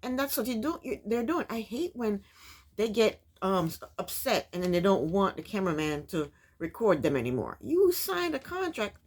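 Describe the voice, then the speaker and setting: A woman's voice: mid-range voice, big pitch swings, moderate pace, darkish tone. A woman casually recapping a reality TV episode, chatty and opinionated, talking back at the people on the show.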